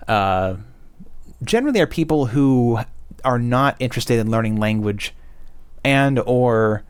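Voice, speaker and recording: A man's voice: mid-range voice, clean tone, no room sound. A young man hosting a casual game review, blunt and profane, with many fillers. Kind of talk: casual opinionated monologue.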